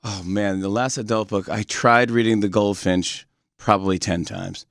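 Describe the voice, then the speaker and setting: A man who hosts a talk show, guesting in a radio studio and telling stories in a casual, animated way with lots of laughing restarts. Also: fairly low pitch, normal speed, no room sound.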